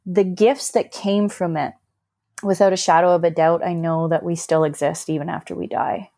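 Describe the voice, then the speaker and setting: A woman's voice: on the low side, moderate pace, a little mellow, dry recording, clean studio sound. A woman on a podcast, earnestly telling a personal story in a reflective, emotional way. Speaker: podcast guest.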